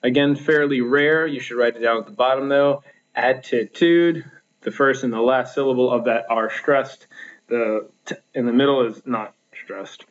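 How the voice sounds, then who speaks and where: A man teaching a recorded lesson from his slides. He counts out beats slowly and stops often to restart with small fillers, his voice neither high nor low. The sound is muffled and lo-fi. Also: fairly even intonation.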